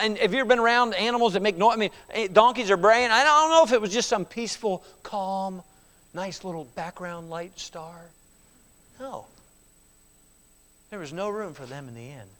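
A man preaching a sermon, moving between loud emphatic calls and hushed near-whispers, acting out voices and repeating key words in a steady rhythm. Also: high voice, clear, resonant tone, big-room sound. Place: church.

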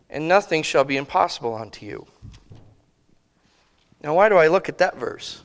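A man preaching a sermon in a conversational way, thinking aloud with restarts and slowing to give quoted scripture weight. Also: a little high, fairly bright tone, long reverb tail. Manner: slow, emphatic phrasing of quoted scripture.

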